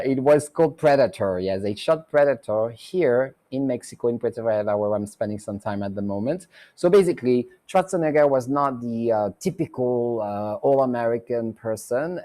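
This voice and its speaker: A man's voice: medium pitch, expressive, moderate pace, few pauses, dark tone. A man hosting a psychic talk show, chatting loosely through a tarot reading with many fillers and restarts. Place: Mexico.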